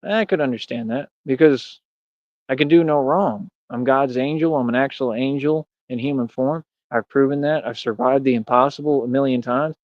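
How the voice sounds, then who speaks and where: A man's voice: medium pitch, moderate pace, no echo. A man hosting a livestream, rambling boastfully and taunting his chat in slangy, casual talk. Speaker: livestream host. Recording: dull, lo-fi dry mic.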